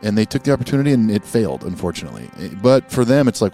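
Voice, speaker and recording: Man, fast and lively, easygoing host; faint music behind. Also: lowish voice. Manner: easygoing, agreeable, keeps time. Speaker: podcast host. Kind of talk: casual chat reviewing an album.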